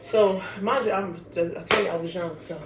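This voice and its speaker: A woman from Harlem, telling a personal story in a casual, animated way and peppering her talk with "like". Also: lowish voice, brisk. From Harlem, New York. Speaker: storyteller vlogger. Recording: echoey room with background noise.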